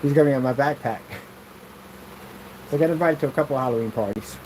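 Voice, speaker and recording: A man rambling through a casual vlog while testing projection screen paint, animated, jokey and full of tangents. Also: medium pitch, fast, a little hiss or hum, low-quality recording.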